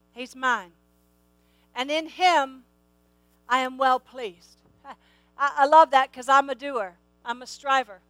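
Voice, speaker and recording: A woman's voice: high-pitched, a bit bright, no room sound, rough recording. A middle-aged woman preaching a sermon, emphatic, repeating key phrases and asking the listeners questions.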